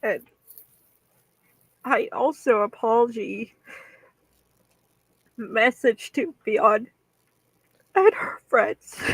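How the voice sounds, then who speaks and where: Slow, halting woman making an apology. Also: a little high, fairly bright tone, slightly rough, no room sound, low-quality recording. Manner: halting, slow and hesitant, with many restarts. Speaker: vlogger. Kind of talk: apology video.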